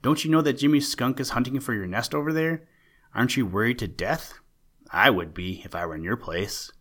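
A man's voice: medium pitch, brisk, fairly bright tone, natural voice. An earnest young rabbit from a storybook who protests and worries aloud, as a man puts him on. His lines come out a little raised and urgent, full of indignation. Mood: alarmed. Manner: indignant, pleading.

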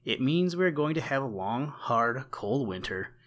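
A man voicing a small, cheeky male meadow mouse with a squeaky, pert and persistent voice in a storybook reading. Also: animated, moderate pace, fairly bright tone, close to an everyday voice. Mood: knowing.

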